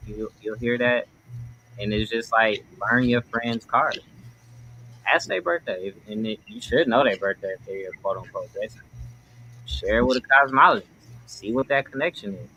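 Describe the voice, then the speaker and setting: A man with telling a story as a guest on a casual livestream, animated and slangy. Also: fairly low pitch, normal speed, a little hiss or hum, low-quality recording.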